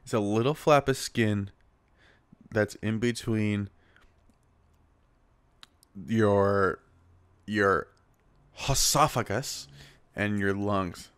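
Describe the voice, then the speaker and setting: Young male podcast host, lowish voice, loose and rambling, self-deprecating, dry close sound on a small recorder. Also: very slow, pauses often, fairly bright tone, smooth, no room sound. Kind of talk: casual solo podcast monologue. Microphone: small handheld recorder.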